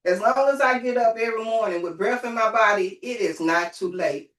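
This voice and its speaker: Woman telling a lively story, far off. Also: fairly high pitch, brisk. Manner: lively storytelling, calls on listeners. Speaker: group host. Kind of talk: motivational group call talk. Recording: roomy, from off the mic.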